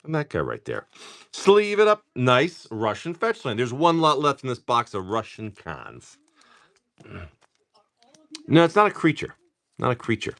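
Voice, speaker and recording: A man's voice: mid-range voice, huge pitch swings, measured pace, long pauses, fairly bright tone. A man hosting a livestream, chatting casually and profanely while opening trading card packs. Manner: laid-back, rambling and profane, lots of restarts. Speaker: card-breaking livestream host.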